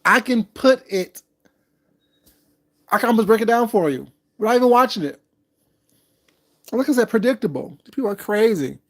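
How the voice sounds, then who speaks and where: A man's voice: high-pitched, animated, moderate pace, pauses often. A man hosting a casual livestream, talking in a sassy, drawling way and calling his listeners baby. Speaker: livestream commentator.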